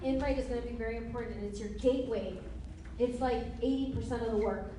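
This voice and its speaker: Speaking fast with fairly even intonation, a high-voiced woman trainer gives a motivational seminar to a live audience in a meeting room. She laughs often and playfully acts out exchanges. The distant mic picks up strong room echo and faint hiss.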